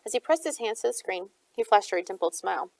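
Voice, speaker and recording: A woman's voice: medium pitch, lively intonation, fast talker, vocal fry, darkish tone, low-quality recording. A woman reading a novel aloud, narrating steadily as an audiobook reader.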